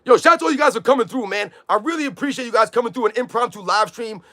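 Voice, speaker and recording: A man ranting loudly on a sports live stream, combative and repetitive, calling out chat viewers by name. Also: very high-pitched, rapid-fire. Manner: loud, combative, repetitive rant.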